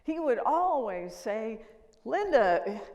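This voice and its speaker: Speaking slowly with a medium-pitched, animated voice, an older woman gives a keynote at a conference. She tells stories and asks the audience questions, her words echoing through a lecture hall.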